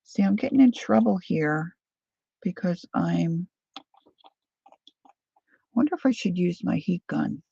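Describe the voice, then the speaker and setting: Hosting a live crafting stream, a woman rambles, makes self-deprecating jokes, and addresses viewers by name. Her voice is on the low side, dark and creaky with a breathy edge and lively intonation, slow and pausing often. The recording is dry, dull, and lo-fi.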